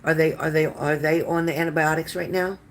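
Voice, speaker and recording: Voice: medium pitch, level tone, a little fast, slight background noise. A psychic card reader hosting a live stream, chatting loosely with viewers by name, with many fillers and restarts. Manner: chatty and warm-toned, addressing viewers by name and calling them honey. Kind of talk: casual live-stream card reading, answering viewer comments.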